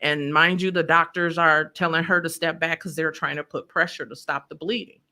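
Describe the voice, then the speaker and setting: Bright-voiced woman telling a personal story. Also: sits low, fairly even intonation, moderate pace. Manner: vivid storyteller who acts out quotes. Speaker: podcast guest telling her story.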